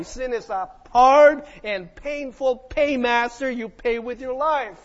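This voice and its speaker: Male pastor, very high voice, dramatic sermon storyteller, muffled church recording. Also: a little slow. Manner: preaching with call-and-response questions and dramatic retelling.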